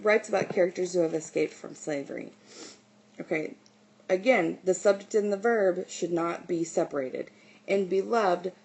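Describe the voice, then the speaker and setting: A woman teacher explaining writing style in a recorded lesson, often pausing on "okay" and "um". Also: on the low side, creaky, a little mellow, a little hiss or hum, rough recording.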